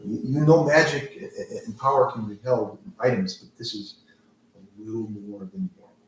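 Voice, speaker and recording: A man's voice: mid-range voice, a little slow, faint music behind. A man narrating a tabletop role-play game as game master, rambling loosely with many fillers. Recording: echoey room, mic far off, faint noise.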